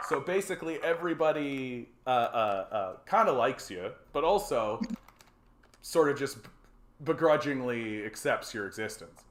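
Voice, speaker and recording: A man from Canada chats on his call-in livestream in a medium-pitched, slightly bright, expressive voice at normal speed. Rambling and profane, he jokes around with many fillers and restarts, and the audio has a roomy quality.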